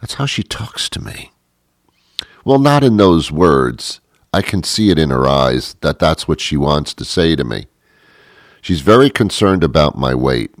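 Deadpan middle-aged guy rambling and poking fun at himself, super low voice, dry close mic. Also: unhurried, dry recording. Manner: deadpan, rambling, self-mocking. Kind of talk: comic monologue.

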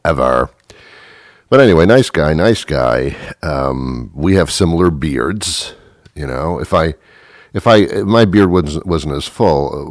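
A male podcast host telling a rambling comic story in a deadpan way, repeating himself and filling gaps with "uh.". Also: very deep voice, no room sound, studio quality.

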